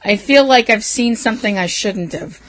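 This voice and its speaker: A woman's voice: a little high, normal speed. A woman co-hosting a casual talk show, telling a story with lots of laughs and animation. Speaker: podcast co-host. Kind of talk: casual chat.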